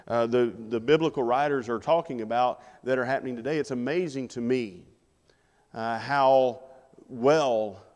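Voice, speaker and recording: In a church sanctuary, a man preaches a sermon conversationally, putting rhetorical questions to the congregation. His medium-pitched voice has a darkish tone and the sound of a large hall.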